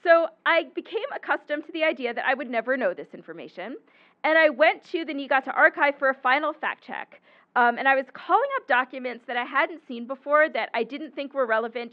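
A woman's voice: high-pitched, a little fast. A woman historian giving an explanatory book lecture about her research, with occasional ums and self-corrections. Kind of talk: academic lecture with slides. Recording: muffled lecture recording.

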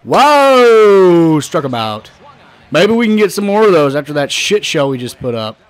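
A hoarse man giving casual, excitable commentary while playing a baseball video game, often swearing and shouting at the players. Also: on the high side, brisk, no echo. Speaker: gaming channel host.

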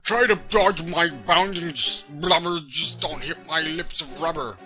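A man voicing a fat, pompous male monkey boss who taunts the player in a drawn-out way, with game music behind. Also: a little high, sharp tone, voice pushed up. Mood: taunting.

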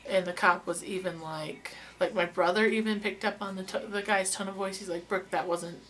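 A woman's voice: medium pitch, fairly even intonation, brisk, fairly bright tone. A young woman, a beauty vlogger, telling a true story in a casual, chatty way with lots of fillers and restarts.

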